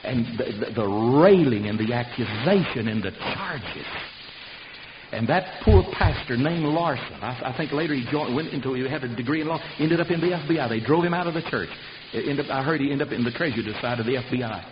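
Fiery older preacher, lo-fi. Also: male voice, mid-range voice, lively intonation, a little fast. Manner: folksy, fiery, preaching with sudden loud shouts. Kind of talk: sermon. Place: church service. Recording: dull lo-fi recording with hiss.

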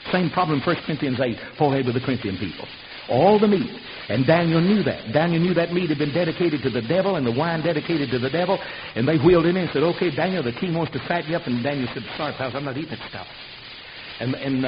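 Older male preacher, folksy fire-and-brimstone delivery, muffled hissing recording. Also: a little high. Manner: folksy, fiery, preaching with sudden loud shouts. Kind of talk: sermon. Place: church service. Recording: dull lo-fi recording with hiss.

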